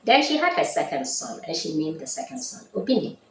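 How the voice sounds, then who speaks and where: Low-voiced woman in an echoey room. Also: sing-song, a little fast. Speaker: speaker in a played clip. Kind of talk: explaining the meaning of names. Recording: echoey room with faint background noise.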